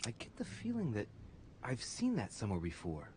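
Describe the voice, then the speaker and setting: Musing young noble sleuth. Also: male voice, on the low side, huge pitch swings, a little fast. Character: curious young male aristocrat investigator. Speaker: video game protagonist. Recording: game audio under loud background noise.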